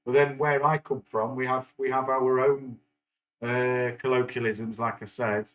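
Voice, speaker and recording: A man's voice: medium pitch, flat delivery, unhurried, low-quality recording. A middle-aged man from England, chatting casually on a live stream and rambling with many fillers and restarts. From northern England. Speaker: stock market livestream host.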